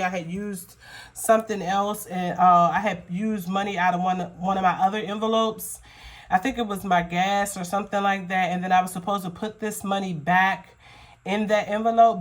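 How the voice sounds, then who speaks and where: A woman's voice: mid-range voice, fairly bright tone. A woman talking casually as she counts cash into budget envelopes, rambling, with many fillers, and at times choked up. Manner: slow, rambling, counts bills aloud with frequent fillers. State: emotional, choked up. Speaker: budgeting vlogger.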